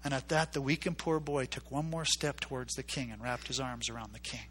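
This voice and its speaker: Bright-voiced man preaching a story. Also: medium pitch, level tone, a little fast, husky. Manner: acts out characters' voices, emphatic repetition. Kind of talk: sermon storytelling.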